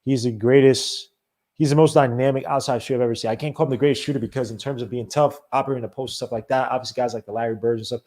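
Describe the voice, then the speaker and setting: A man's voice: mid-range voice, racing. Man ranting casually on a sports podcast. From not from the American South. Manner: animated, rambling rant with many restarts. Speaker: podcast host. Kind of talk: casual solo sports talk.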